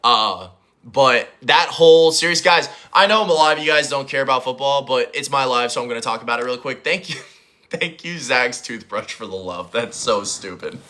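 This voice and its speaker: A young man hosting a livestream, chatting casually and rambling as he answers chat comments, his voice a little hoarse. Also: mid-range voice, normal speed, pushed and bright. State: hoarse, voice recovering. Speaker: livestream host.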